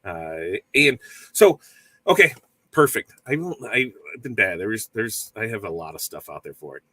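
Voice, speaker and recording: A husky-voiced middle-aged man runs a casual live morning show from his print shop. His delivery is bright and punchy, with pitch that swings widely as he greets viewers one by one. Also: normal speed, no echo. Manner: energetic, upbeat, greets viewers by name. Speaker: livestream host.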